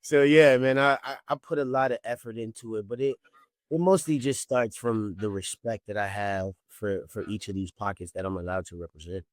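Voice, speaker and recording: A man's voice: fairly low pitch, moderate pace, no room sound, studio quality. A man in his thirties with a New Orleans accent, chatting casually as an interview guest, often adding "you know what I mean.". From New Orleans, Louisiana. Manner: laid-back storytelling, frequent "you know what I mean".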